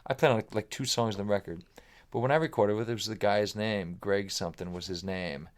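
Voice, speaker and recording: A guest musician on a podcast tells casual anecdotes in a lowish voice at a quick pace. He's animated, acts out what people said, says "like" a lot, and swears now and then.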